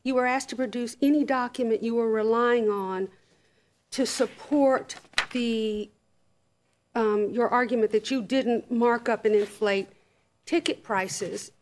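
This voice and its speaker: A woman's voice: on the high side, fairly even intonation, measured pace, a little mellow, a little hiss or hum. A woman serving as an appellate judge, questioning an attorney with pointed, probing questions. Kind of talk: questioning counsel in court.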